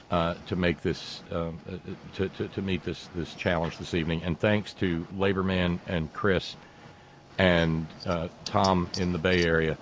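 A man hosting a political talk show, speaking in a halting, sarcastic way with many restarts. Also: low-pitched, a little hiss or hum. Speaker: talk radio host.

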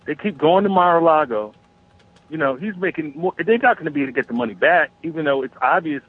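A man's husky voice comes through a thin, tinny phone line. He talks in a loose, rambling rant, swearing freely and restarting his sentences as he goes. It sounds like a regular caller venting on talk radio. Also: fairly high pitch, animated, fast. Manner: rambling, profane, restarts often.

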